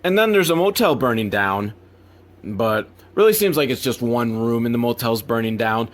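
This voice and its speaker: A man's voice: medium pitch, lively intonation, normal speed. Sarcastic man griping through a movie recap. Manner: exasperated, rambling and sarcastic. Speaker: podcast host.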